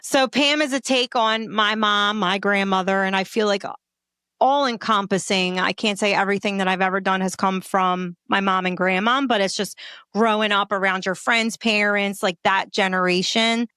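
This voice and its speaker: A woman with a Philadelphia accent chatting candidly as a comedian guest, telling stories with lively, salty humor. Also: mid-range voice, moderate pace, clean tone, dry recording, clean studio sound. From Port Richmond, Philadelphia. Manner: candid, profane, lively storyteller. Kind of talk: casual interview chat.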